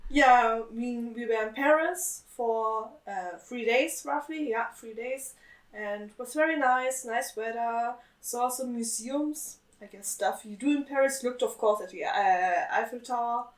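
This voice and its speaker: A woman's voice: fairly high pitch, measured pace, far from the mic. A woman, co-hosting a podcast in casual chat, talking hesitantly with lots of fillers and giggles. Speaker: podcast co-host. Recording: echoey room.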